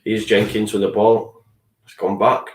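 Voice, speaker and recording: A man's voice: fairly low pitch, little pitch movement, unhurried, echoey room. A young man, hosting a live football watchalong, frustrated and swearing as he reacts to the match and reads out viewer chat. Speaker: fan channel host.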